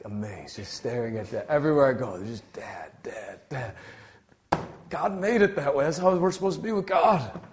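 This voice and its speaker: A young adult man delivering a sermon with lively, shifting energy. He bursts out loudly on key points, then drops to a hushed, almost whispered tone. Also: a little high. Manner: animated, swings from loud exclaiming to quiet near-whisper. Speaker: preacher.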